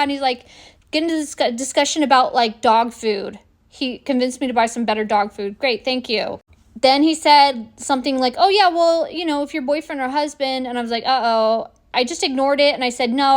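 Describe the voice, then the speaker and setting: A woman in her forties, speaking a little higher than most, tells a personal story to camera. She sounds indignant and animated and acts out the lines people said to her. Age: 40s. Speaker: vlogger. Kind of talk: casual storytelling monologue.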